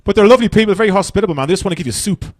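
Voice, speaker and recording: A man's voice: high-pitched, lively intonation, racing, dry recording. An Irish man doing stand-up comedy on a festival stage, brash and profane, rambling through his stories.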